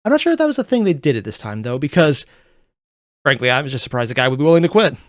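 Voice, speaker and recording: A young man hosting a reaction video, chatting casually and rambling with unsure asides in quick bursts. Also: mid-range voice, sing-song, dry recording, studio quality.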